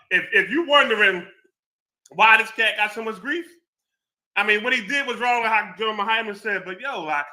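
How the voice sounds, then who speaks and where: Animated man telling street stories. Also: sits high. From American Southwest. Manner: street slang, animated storytelling. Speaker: former law enforcement. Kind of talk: casual chat.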